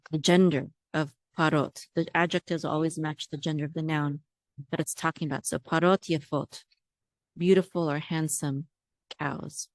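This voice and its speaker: Low-voiced woman patiently spelling out syllables. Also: dry recording, clean studio sound. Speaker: Hebrew teacher. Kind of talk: word-by-word reading lesson.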